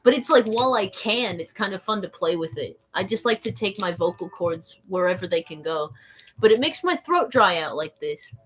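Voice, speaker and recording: A woman's voice: mid-range voice, expressive, moderate pace, a bit bright, husky. A young adult woman live streaming, reading chat aloud in a playful, rambling way, often saying "like" and slipping into silly voices.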